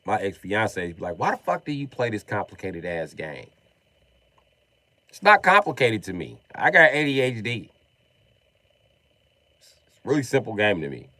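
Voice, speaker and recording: Low-voiced man telling profane gaming stories. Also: no echo. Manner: profane, animated, jokey storytelling. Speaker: streamer. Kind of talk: casual storytelling stream.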